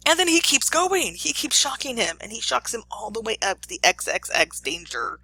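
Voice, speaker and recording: Chatty professor with a gravelly, bright voice. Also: mid-range voice, very animated, normal speed, no echo, low-quality recording. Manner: chatty, uses many fillers and acted quotes. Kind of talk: casual classroom lecture.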